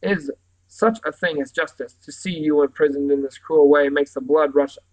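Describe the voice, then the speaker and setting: Man putting on a storybook scarecrow, pompous, theatrical, high and shrill. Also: normal speed, poor audio. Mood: stern. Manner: grand, theatrical, shrill when excited. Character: pompous excitable male scarecrow with turnip head.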